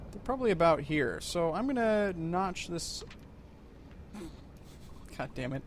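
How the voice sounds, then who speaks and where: A man's voice: mid-range voice, gravelly, slight background noise. A man giving casual, rambling let's-play commentary with wry, self-mocking humor.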